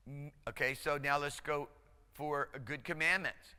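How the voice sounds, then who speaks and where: Male instructor, slightly higher voice, smooth, patient syllable-by-syllable drilling. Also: steady tone, pushed and bright. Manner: drills pronunciation slowly, syllable by syllable; encouraging, conversational teacher. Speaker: Hebrew instructor. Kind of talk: classroom lecture. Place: lecture hall. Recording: lecture hall reverb.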